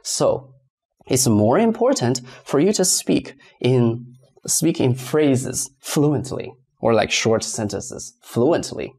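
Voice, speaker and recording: Gravelly, lively male teacher. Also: medium pitch, takes it slowly. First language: Mandarin Chinese. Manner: asks rhetorical questions and gives examples. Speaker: language teacher. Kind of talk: explanatory online lesson.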